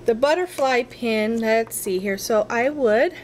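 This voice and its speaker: A woman's voice: a little high, a little slow, a little mellow, a little hiss or hum. A woman giving a casual crafting tutorial, chatty and a little apologetic, talking to herself as she works at her craft table.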